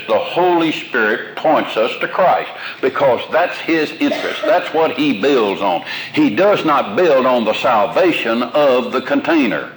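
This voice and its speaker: Older male pastor, folksy homespun sermon, mid-pitched voice, faint hiss on recording. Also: poor audio. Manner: folksy, homespun, with plain everyday examples. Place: room with a congregation.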